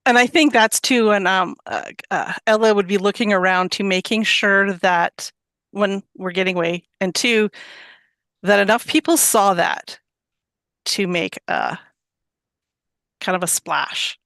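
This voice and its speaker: A woman with a middle-pitched voice narrates her character in a tabletop game. She hesitates and laughs often. The sound is close and dry. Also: a little slow, fairly bright tone, no echo. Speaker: player. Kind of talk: narrating a tabletop role-play.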